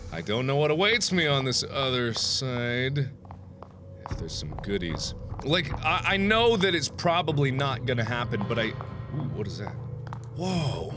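A young man in his twenties doing jokey horror game commentary, swinging from quiet mutters to excited shouts. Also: mid-range voice. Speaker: gaming YouTuber.

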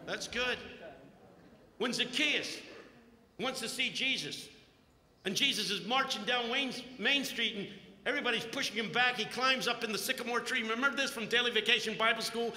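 Bright-voiced joking preacher in an echoing hall. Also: male voice, very high-pitched, normal speed. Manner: joking, animated storytelling. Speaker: conference speaker, preacher. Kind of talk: humorous sermon. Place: conference hall. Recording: echoey hall, long reverb.

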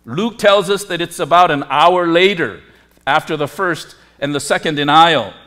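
A man preaching a sermon as pastor, emphatic, with forceful rising peaks on key words. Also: a little high, moderate pace. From lived in Korea.

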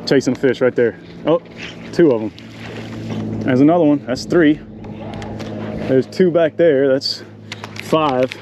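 A man, chatting excitedly to the camera while fishing in a marsh from a small boat. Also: medium pitch, slow, long pauses, background noise. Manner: excitable, talks to the animals and the viewers. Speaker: fishing vlogger. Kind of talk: casual running commentary while fishing. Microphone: action camera mic.

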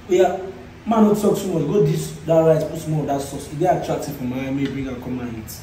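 A Nigerian man with a loud, quarrelsome manner, arguing in a comedy skit. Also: a little high, fairly quick, background noise. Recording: echoey room, far from mic.

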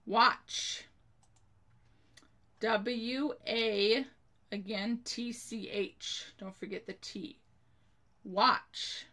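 A woman whose voice is fairly high and fairly even in intonation teaches a slow spelling lesson to children. She takes care to spell each word letter by letter and follows with an example sentence.

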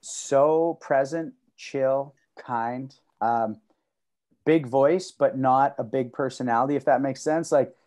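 Man, podcast co-host, mellow voice, lively storytelling, video call. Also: slow pace. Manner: animated storyteller who acts out quotes with sudden loud high bursts. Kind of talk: casual conversation on a video call.

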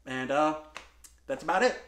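A man's voice: fairly high pitch, expressive, moderate pace. A man hosting a movie review show, talking casually with many fillers and restarts. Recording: roomy room.

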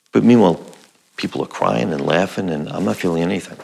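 Gravelly low-voiced man telling a story. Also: fast talker, darkish tone. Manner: conversational storyteller, acts out his own past lines. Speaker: acting teacher. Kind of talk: personal anecdote told to camera.

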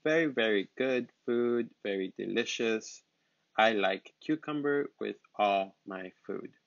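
Slow, patient man teaching words. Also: fairly low pitch, vocal fry, no echo. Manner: repeats words slowly and patiently. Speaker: English teacher. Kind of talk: slow, simple vocabulary lesson. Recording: dull, lo-fi sound.

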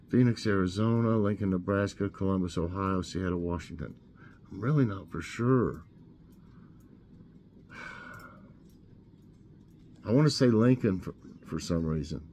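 A man hosting a casual trivia show, reading questions aloud and thinking out loud as he guesses. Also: mid-range voice. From Tennessee. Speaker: host.

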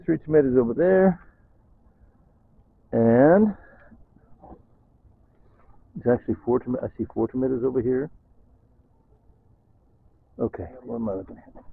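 An older man vlogging casually at home, excitedly showing his tomato plants and repeating exclamations, filmed on a camera held close. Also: mid-range voice, slow, vocal fry, pauses often, breathy edge. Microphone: phone camera held close. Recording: dry tinny phone-like audio.

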